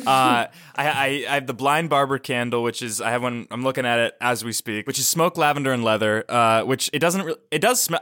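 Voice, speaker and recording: A man's voice: medium pitch, pushed and bright. Dry-joking man podcast co-host. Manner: dry jokes, stammering restarts. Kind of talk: casual comedic chat. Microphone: podcast mic.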